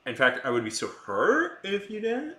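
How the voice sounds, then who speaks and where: A young man chats loosely with his live stream audience, rambling from one joke to the next and often restarting his sentences. His voice is strikingly bright and sharp, with a very animated, swooping pitch. The room adds a clear echo around him. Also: normal speed. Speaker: art streamer. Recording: roomy echo.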